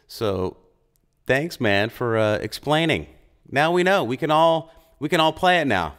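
A man hosting a casual live-stream chat, lively and friendly, doing birthday shout-outs. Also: medium pitch, unhurried, clear, resonant tone. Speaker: host.

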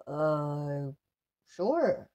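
Excitable woman hosting a paranormal vlog. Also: low voice, extremely slow, highs cut off, a little hiss or hum. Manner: excitable and dramatic, swears freely. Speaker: video host. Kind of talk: casual paranormal challenge vlog.

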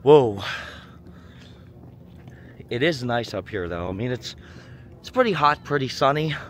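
A man's voice: mid-range voice, very animated, normal speed, a bit bright, slight background noise. A man vlogging outdoors on a sunny hilltop, chatting casually to viewers with self-deprecating asides, filmed on a handheld camera and phone. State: out of breath from climbing. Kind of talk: casual vlog narration.

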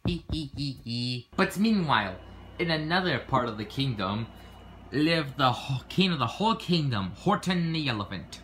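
A young man in his twenties narrates a homemade toy story in a playful storybook tone. His pitch moves in lively, animated swings. A faint hiss sits under the voice. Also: moderate pace. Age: 20s. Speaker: narrator and puppeteer.

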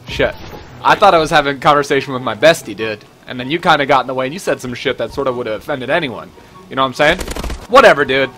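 A young man talks over a gaming headset in a mid-pitched voice, trolling strangers with straight-faced nonsense. His banter is loose, sweary and full of "dude". Game music plays faintly underneath. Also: quick pace, fairly bright tone. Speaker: gaming channel host trolling players. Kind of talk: casual gameplay commentary with prank banter.

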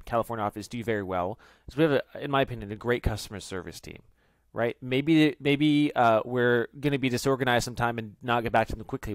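Male podcast guest, mid-pitched and chatty, recorded dry and close. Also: no echo. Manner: chatty, animated, with fillers and restarts. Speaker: podcast guest, business founder. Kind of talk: casual podcast conversation.

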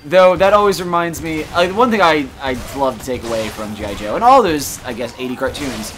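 A man's voice: a little high, lively intonation, fairly quick, a bit bright. A man co-hosting a let's play, laid-back and joking, swearing casually. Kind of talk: casual chat over gameplay. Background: game music.

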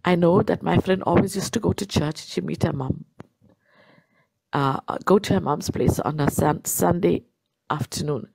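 A woman's voice: on the low side, normal speed, vocal fry, a little mellow, husky, dry recording, rough recording. A woman telling her personal faith testimony in an earnest way, repeating herself for emphasis. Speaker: guest sharing a testimony.

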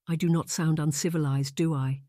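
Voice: medium pitch, fairly even intonation, normal speed, warm tone, no echo, studio quality, natural voice. A narrator voicing an earnest young lady. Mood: indignant. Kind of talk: audiobook character voice.

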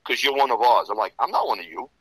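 A man telling rough stories in a casual interview, profane and rambling, full of "you know". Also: mid-range voice, lively intonation, quick pace, a bit bright, no room sound, poor audio. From Serbian Romanian background. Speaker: interview guest.

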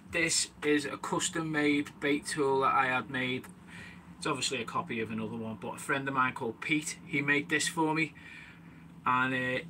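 A man's voice: medium pitch, bright, forceful tone, slight background noise. A man streaming live from his bait shack, chatting casually, calling viewers mate and answering the live chat as he works. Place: small bait and tackle shack, indoors.

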